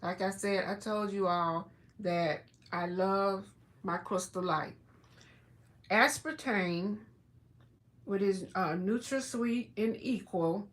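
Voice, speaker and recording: A woman hosting a casual livestream from home, chatting and reading food labels aloud in a drawn-out way with plenty of fillers. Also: medium pitch. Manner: chatty, slow, drawn-out words, many fillers. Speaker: livestream host.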